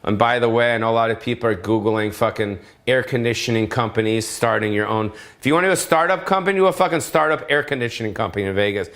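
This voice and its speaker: A man's voice: mid-range voice, fast talker, hardly any pauses, fairly bright tone. A middle-aged man, a comedian, delivering a brash, profane and rambling solo rant from his home. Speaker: comedian hosting his own show. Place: home in Las Vegas.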